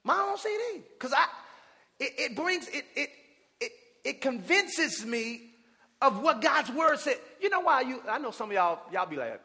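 Male preacher, high and forceful, shouting call-and-response lines, long reverb from the church hall. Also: sing-song, normal speed. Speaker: pastor. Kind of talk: sermon. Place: church sanctuary with congregation.

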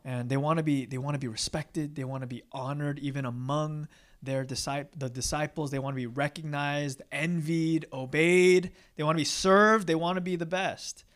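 A man's voice: on the high side, fairly even intonation, moderate pace, a bit bright. A young man preaching a casual, conversational sermon, candid and self-deprecating, often tagging "right?" onto his points. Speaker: pastor.

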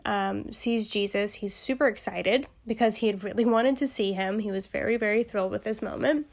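A woman's voice: medium pitch, moderate pace, few pauses. A woman hosting a Bible study podcast, reading passages steadily and breaking into chatty, amused asides.

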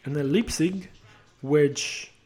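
A man's voice: on the high side, slow, mellow. A young man hosting a podcast, rambling and joking about soccer, swearing and teasing himself. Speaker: podcast host. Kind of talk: casual soccer chat.

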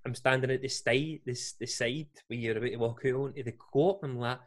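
A man's voice: medium pitch, fairly even intonation, brisk. A young Scottish man telling a rambling, self-mocking story on a podcast, often laughing at himself. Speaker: podcast co-host. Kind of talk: casual storytelling chat.

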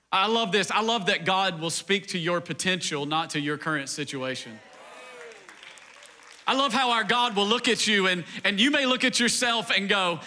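Pastor, man, high and very bright, casual sermon full of "like"s. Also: a little hiss or hum. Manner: conversational preaching, acts out quoted dialogue, rising to a fervent climax; frequent "like" fillers.

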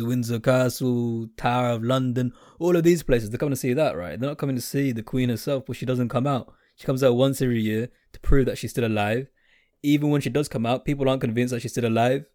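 A man's voice: medium pitch, darkish tone, no echo, studio quality. A young British man giving a blunt, sarcastic, rambling opinion monologue. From United Kingdom.

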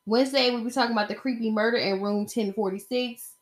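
A woman's voice: on the high side, quick pace. Chatty woman podcast host. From Atlanta area. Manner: chatty, animated storytelling with bursts of excitement. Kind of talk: casual solo podcast chat.

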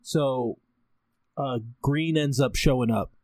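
A man's voice: mid-range voice, slow, darkish tone. A man in casual chat, laid-back and blunt, swearing casually as he recaps a show.

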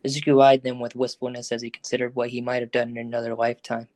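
Even-toned male storyteller. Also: medium pitch, quick pace, dry recording. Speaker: narrator. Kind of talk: scripted narration of a fan audio drama.

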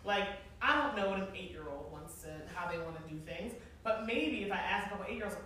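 A woman in her forties telling stories to a live audience, animated and chatty, often laughing. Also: medium pitch, fast, a little hiss or hum. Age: 40s. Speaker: event planner and speaker. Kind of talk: storytelling talk to a live audience. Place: large room with an audience. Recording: echoey room, mic from far off.

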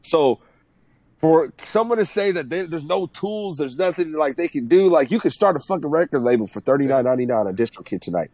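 A man's voice: on the high side, animated, a little fast, darkish tone, no echo. A man in his thirties, a music producer guest, giving blunt and profane advice in casual podcast chat.

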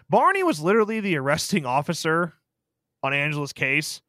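A man's voice: a little high, sing-song, normal speed, sharp tone, no echo, clean studio sound. A young man co-hosting a casual film review podcast, laid-back and joking, swearing freely. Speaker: podcast co-host.

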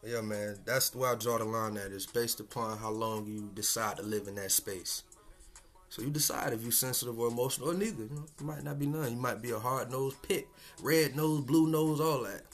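A man's voice: medium pitch, brisk, faint music behind. A man hosting a casual solo podcast, talking in a laid-back, slangy and profane way and chuckling often. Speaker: podcast host.

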